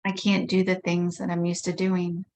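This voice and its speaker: Woman, low flat voice, unhurried guided tapping script, measured repeated phrases. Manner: slow, measured affirmations voicing frustration. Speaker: EFT tapping practitioner.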